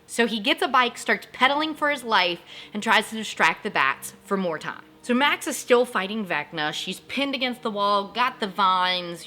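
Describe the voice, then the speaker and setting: Bright-voiced woman recapping a TV episode. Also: medium pitch, animated. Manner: chatty, acts out characters' lines in quick asides; emotionally invested, jokes about crying. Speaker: host of a TV recap channel.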